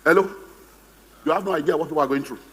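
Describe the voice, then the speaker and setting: A man's voice: fairly high pitch, quick pace, fairly bright tone, slightly rough, big-room sound. A man with a Nigerian English accent, giving a humorous, theatrical seminar talk as a motivational speaker, acting out the voices he quotes. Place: conference hall on stage.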